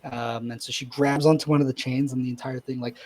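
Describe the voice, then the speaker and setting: A man's voice: medium pitch, steady tone, a little fast, background noise. A man running a tabletop game as dungeon master, narrating in a loose way that is full of filler words.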